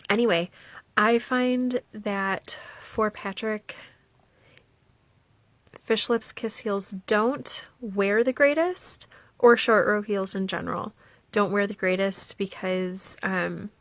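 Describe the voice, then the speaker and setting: Young woman rambling about her knitting at home, lots of ums, mid pitch, dry sound. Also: steady tone, takes it slowly, a bit bright, dry recording. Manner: chatty and rambling, with many "um"s and asides. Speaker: knitting vlogger. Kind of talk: casual knitting vlog chat.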